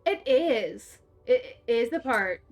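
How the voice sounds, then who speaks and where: Animated high-voiced young woman streamer. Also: takes it slowly. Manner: rambling, animated, laughing, swears casually. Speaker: game streamer. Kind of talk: casual storytelling while playing.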